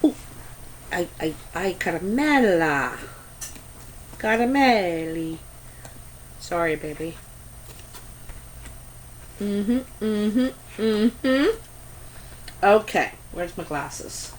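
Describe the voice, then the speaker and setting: A woman's voice: fairly low pitch, expressive, slow, long pauses, a little hiss or hum, rough recording. A Canadian woman giving a casual tarot reading to camera, chatty and meandering, with many ums and asides. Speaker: tarot reader.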